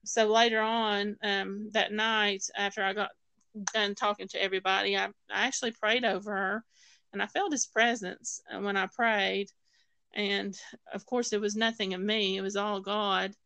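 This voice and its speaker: A woman tells a personal story with plenty of ums and restarts, dropping into the voices of the people she quotes. Her voice is bright, smooth and gravelly. The recording is close and dry. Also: mid-range voice, little pitch movement, normal speed, dry recording, low-quality recording. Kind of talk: personal testimony in conversation.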